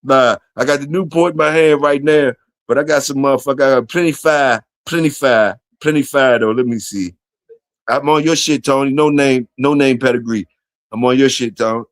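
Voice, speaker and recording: A man hosts a relaxed solo livestream and rambles through his chat. His talk is loose and full of profanity, and his voice sits at an average pitch. The sound is dry and close, with no room around it. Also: moderate pace, no echo. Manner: loose, profane, talks to chat and reads comments aloud. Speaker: livestream host.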